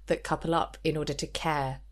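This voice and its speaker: A woman's voice: deep voice, fairly even intonation, a little fast. A woman co-hosting a podcast in casual chat, giggling often and acting out quotes. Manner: giggly, chatty, acts out quotes. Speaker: podcast co-host.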